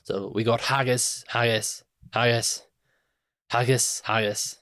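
A man putting on a Scottish accent, playing a jokey Scotsman who proudly praises a deep-fried breakfast. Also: steady tone, slow pace, a bit bright, no room sound, clean studio sound. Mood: mock-proud. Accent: put-on Scottish. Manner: hammy, mock-proud.

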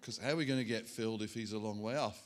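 Animated pastor, chatty sermon. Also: male voice, on the low side, very fast. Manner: animated, self-mocking, chatty asides to the congregation. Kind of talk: sermon with props. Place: church hall.

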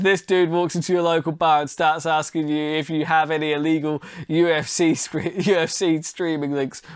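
A man's voice: a little high, fairly bright tone, clear, resonant tone, no room sound, clean studio sound. A man hosting a podcast in casual chat, loose and rambling, swearing and laughing often. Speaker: podcast host.

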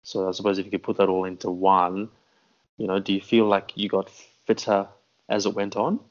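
A man's voice: low voice, little pitch movement, fairly quick. A man hosting an interview, asking long, hesitant questions that ramble before they land. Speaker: podcast host. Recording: dull lo-fi podcast audio.

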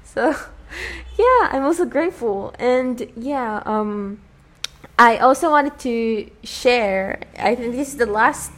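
A young woman hosts her own solo podcast, chatting casually in an earnest, soft-spoken, rambling way full of fillers, restarts, and frequent light laughs. Her British accent is put on over an American-style base. Her voice is a little high and animated, and she speaks slowly.

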